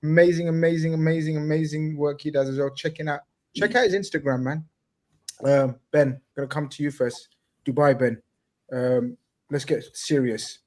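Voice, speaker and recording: A man hosting a casual live-stream chat, excitable, shouting out viewers and swearing casually. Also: a little high, normal speed. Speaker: host.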